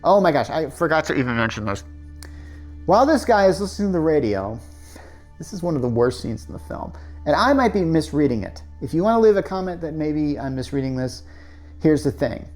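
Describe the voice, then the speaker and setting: A woman in a rambling, sarcastic review rant, her voice sitting low but swinging widely up and down as she asks rhetorical questions. Faint music plays underneath. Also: very animated, a little fast, darkish tone. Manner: chatty, sarcastic, with frequent fillers and rhetorical questions. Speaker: film reviewer. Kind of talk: casual rant-style movie review.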